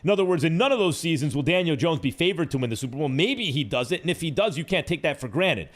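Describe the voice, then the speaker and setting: A man's voice: on the high side, quick pace. A man hosting sports talk radio, arguing his points with mocking asides in a studio. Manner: animated, argumentative, mocking asides.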